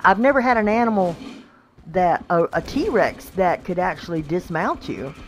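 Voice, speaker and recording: A woman's voice: fairly low pitch, moderate pace. A woman giving casual commentary while playing a video game, exclaiming and talking to her in-game animals. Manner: excitable, exclaims a lot, talks to her pets in the game. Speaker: gameplay video creator. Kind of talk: casual let's-play commentary. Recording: faint background noise.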